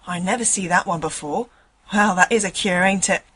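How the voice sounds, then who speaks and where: A woman's voice: fairly low pitch, moderate pace, a bit bright, breathy edge. A woman voicing a chatty, indignant male tram conductor, rambling in folksy dialect. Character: chatty working-class male tram conductor, middle-aged.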